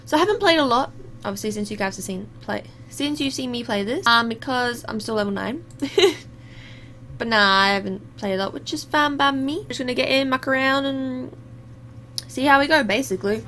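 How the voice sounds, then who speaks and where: A woman's voice: a little high, moderate pace, pushed and bright, slight background noise. A young woman, chatting and exclaiming as she comments live on her own gameplay. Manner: chatty, exclaiming at the game, laughing. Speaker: gaming YouTuber.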